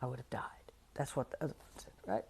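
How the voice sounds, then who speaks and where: Chatty woman with a warm, mellow voice. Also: rumbling low, husky, whispered. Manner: chatty, laughs often, reads verses slowly. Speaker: devotional speaker. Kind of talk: casual devotional talk.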